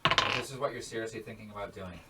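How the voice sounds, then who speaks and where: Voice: mid-range voice, fast talker, gravelly. A game master running a tabletop game, explaining rules and teasing the players. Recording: loud background noise.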